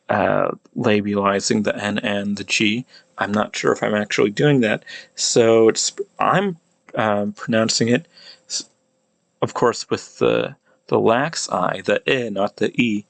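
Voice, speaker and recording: A man casually explaining pronunciation, thinking aloud with many halting restarts. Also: fairly low pitch, gravelly, a bit bright, no echo. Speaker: language hobbyist explaining pronunciation.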